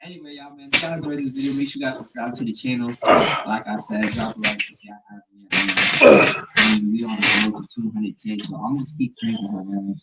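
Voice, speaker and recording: A man's voice: mid-range voice, fast. A man hosting a prank vlog, talking casually with loose slang. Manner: loose, slangy, animated street talk. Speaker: prank channel host. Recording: roomy echo, distant from mic, faint noise.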